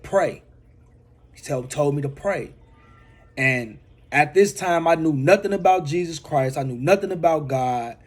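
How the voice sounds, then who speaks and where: A man's voice: medium pitch, a little mellow, breathy edge. A man, a motivational speaker, telling a personal testimony and repeating phrases for emphasis.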